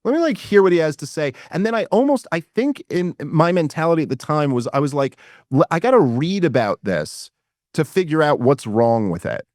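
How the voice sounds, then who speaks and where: Animated New man telling a story. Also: a little high, no room sound, studio quality. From New York City. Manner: animated retelling, quoting others and himself in quick asides. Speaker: guest. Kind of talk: casual storytelling in a podcast interview.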